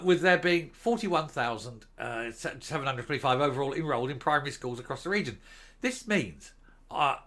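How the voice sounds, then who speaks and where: Ranting to camera on his opinion vlog, this man sounds scornful and indignant, drifting off on tangents and then returning to the point. His voice is fairly high and sharp.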